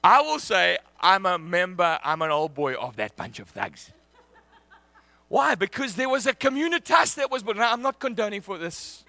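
A middle-aged man preaching a sermon, telling a lively story that he often breaks into with shouts and laughter. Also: high voice, moderate pace, vocal fry, dry recording. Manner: animated, shouting and laughing through anecdotes.

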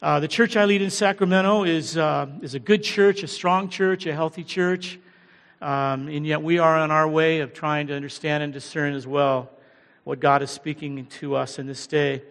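A middle-aged American man preaching as a guest pastor, humble and halting, with many fillers. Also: fairly high pitch, steady tone, gravelly, fairly bright tone. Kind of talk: sermon. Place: large church hall. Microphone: handheld or headset mic. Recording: long church hall reverb.

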